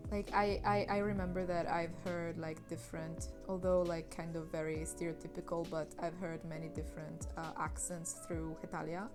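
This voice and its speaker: A woman's voice: lowish voice, flat delivery, normal speed, few pauses. A woman with a German accent, a native German speaker, chatting casually on an art stream and reading chat messages aloud. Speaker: co-host streamer. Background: soft background music.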